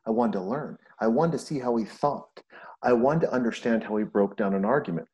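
A man's voice: mid-range voice, a little fast, lo-fi sound. A middle-aged man from Montana hosting a podcast, telling stories in casual chat and acting out the quotes. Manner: animated storyteller, acts out quotes. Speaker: podcast host.

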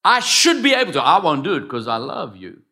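A man preaching a sermon, swinging between loud declarations and quiet asides. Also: on the high side, big pitch swings, brisk. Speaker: pastor.

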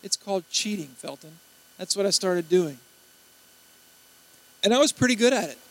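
High-voiced preacher telling stories. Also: male voice, moderate pace, rough recording. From Baton Rouge, Louisiana. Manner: animated storytelling, acts out quotes. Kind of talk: sermon.

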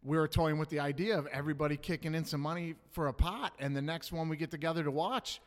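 A man's voice: fairly high pitch, fast talker, big-room sound. Agreeable man chatting. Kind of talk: casual chat.

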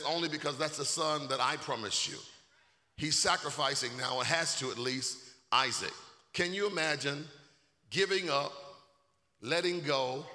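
A male pastor preaching a sermon with call-and-response, swelling into shouts. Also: on the high side. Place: church sanctuary. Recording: echoey hall.

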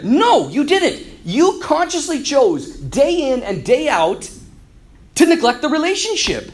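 A man giving an energetic, jokey Catholic talk to a group, acting out characters in his stories. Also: very high-pitched, normal speed. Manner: energetic and jokey, acts out quoted characters, clears throat often. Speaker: Catholic speaker who does marriage counseling. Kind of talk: animated preaching talk to a youth audience.

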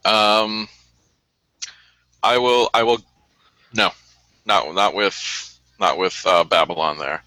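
Sex: man. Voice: very bright, lowish. Sound: dry. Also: steady tone, dry recording, low-quality recording. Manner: quick, chatty, hesitant when deciding. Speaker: player. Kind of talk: casual tabletop role-play. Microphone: online voice call.

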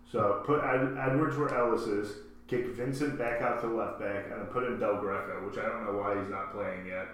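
A man's voice: on the low side, fairly even intonation, normal speed, a bit bright, distant mic. A man co-hosting a podcast, chatting casually about his soccer team, rambling and correcting himself as he goes. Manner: rambling, self-correcting, laughs often. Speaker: podcast co-host. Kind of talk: casual sports chat. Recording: echoey room, off-mic, faint hum.

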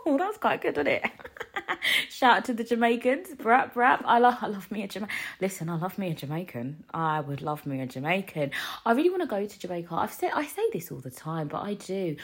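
A woman, ranting in a casual solo podcast, animated and rambling with frequent laughs. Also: mid-range voice, normal speed, slightly rough. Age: 20s. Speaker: podcast host.

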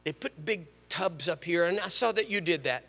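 Older preacher in a reverberant church. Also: male voice, high voice, moderate pace, vocal fry. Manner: storytelling, animated, jokes with the congregation. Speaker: guest preacher. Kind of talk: sermon. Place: church sanctuary.

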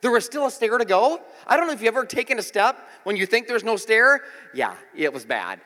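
A man's voice: extremely high pitch, sing-song, a little fast, bright, forceful tone. A man in his forties preaching a sermon, telling jokey stories with voiced quotes, in a church auditorium. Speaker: pastor. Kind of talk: sermon with storytelling. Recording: reverberant hall.

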